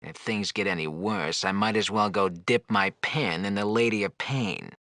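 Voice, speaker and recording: A man's voice: lowish voice, normal speed, bright, forceful tone, no room sound, clean studio sound. An actor playing a flirtatious, wisecracking floating male skull, teasing and sarcastic in game dialogue.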